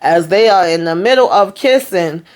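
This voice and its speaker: A woman's voice: fairly low pitch, lively intonation, moderate pace. Chatty woman recapping a TV episode. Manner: chatty, retells scenes with quoted dialogue and sassy asides. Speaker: TV recap vlogger.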